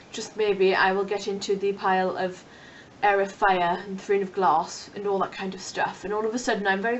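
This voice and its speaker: A woman's voice: medium pitch, recorded from a distance, highs cut off, a little hiss or hum. A young woman chatting casually to camera about books, rambling and playful. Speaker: book vlogger.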